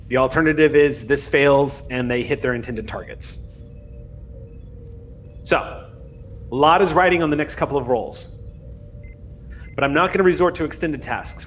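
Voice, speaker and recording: A man running a tabletop role-playing game as game master, narrating and setting rolls in a relaxed, chatty way. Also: mid-range voice, a little hiss or hum. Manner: relaxed, chatty, with fillers and laughs.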